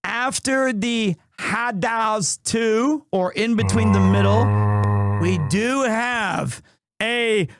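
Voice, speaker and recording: High-voiced chatty male streamer. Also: takes it slowly, soft background music. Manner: animated storyteller, sprinkles in Japanese phrases. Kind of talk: casual live-stream chat.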